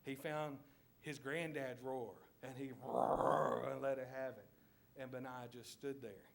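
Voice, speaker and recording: A man's voice: mid-range voice, fairly even intonation, normal speed. A man with a Southern US accent preaching a sermon in church, telling a story vividly and asking his listeners to picture each scene.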